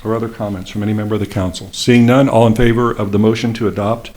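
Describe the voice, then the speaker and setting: Brisk man chairing a council meeting. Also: fairly low pitch, steady tone, a little mellow. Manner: brisk, procedural, with frequent fillers. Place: city council chamber.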